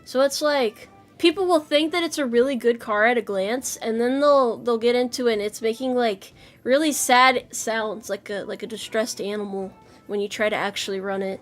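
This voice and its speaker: A woman chatting casually with her stream viewers, playful and quick to giggle. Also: on the high side, soft background music. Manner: playful, giggly, answers chat with bursts of laughter. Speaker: virtual streamer.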